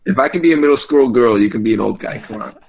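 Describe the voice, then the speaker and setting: A man's voice: mid-range voice, expressive, fast talker, vocal fry. A man joking and teasing as a player in a tabletop game. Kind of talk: casual tabletop play. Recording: dull lo-fi mic.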